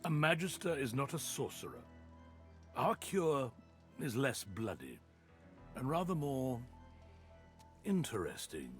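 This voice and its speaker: A sanctimonious high judge with a silky, theatrical delivery for a fantasy video game. His voice rises and falls widely as he lectures with cold, polished menace. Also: sing-song, slow pace, long pauses, soft background music. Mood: condescending. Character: smug zealous male high judge, cruel.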